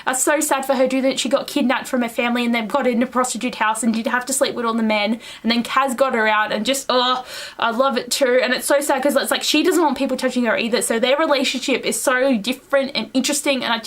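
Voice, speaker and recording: Excitable young woman gushing about books. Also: a little high. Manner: gushing, excitable, rambling with many fillers. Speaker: book reviewer. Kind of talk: casual chat.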